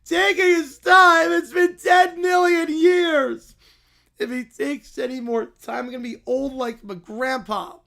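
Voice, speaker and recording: A performer voicing a bratty, demanding young child who whines and shouts complaints. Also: medium pitch, normal speed, gravelly, hardly any pauses, close to an everyday voice.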